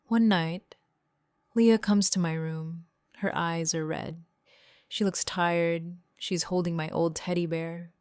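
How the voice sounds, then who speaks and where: Slow, dry-voiced woman narrating a graded reader. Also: fairly low pitch, steady tone, darkish tone, smooth, dry recording. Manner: short simple sentences, evenly read. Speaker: audiobook narrator. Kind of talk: graded-reader story narration for English learners.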